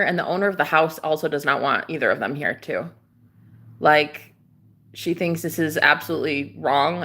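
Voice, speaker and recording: A young woman vlogger telling a story in a casual, animated way, swearing freely and acting out what people said. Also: on the low side, gravelly.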